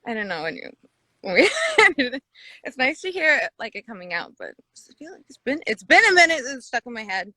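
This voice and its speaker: A woman's voice: a little high, very animated, brisk, bright, forceful tone, dry recording. A woman joining a casual livestream as a guest musician, laid-back and laughing as she rambles. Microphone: phone video stream.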